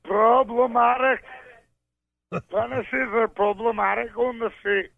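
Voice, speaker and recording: Hoarse, cracking-voiced caller from Scotland; crude, boastful tough-guy bluster, high and gravelly. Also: fairly even intonation, slow pace, no room sound, phone-quality sound. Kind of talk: crude comic call-in banter.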